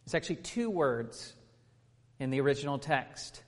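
A man's voice: medium pitch, moderate pace, in a large hall. A man in his thirties preaching a sermon, earnest and emphatic, asking rhetorical questions.

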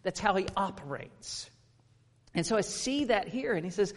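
Male preacher, thirties, high-pitched, emphatic sermon delivery with rhetorical questions, echoing hall. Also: animated, moderate pace.

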